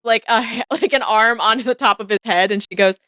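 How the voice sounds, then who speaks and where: A woman's voice: fairly high pitch, brisk, pushed and bright, no echo, clean studio sound. A young woman narrating a tabletop role-play as game master, casual and full of fillers.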